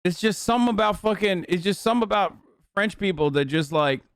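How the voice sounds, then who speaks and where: A male livestreamer rambles through casual chat, loose and profane and full of fillers. His voice sits a little high for a man and comes across smooth and resonant. The recording is dry and close. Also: lively intonation, quick pace, no echo.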